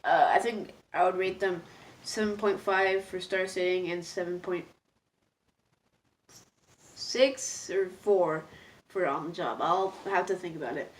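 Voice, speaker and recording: A woman's voice: lowish voice, fairly even intonation, a little slow, long pauses. A woman casually reviewing cartoon episodes, rambling and hesitant, full of fillers, and laughing at herself as she gets easily moved.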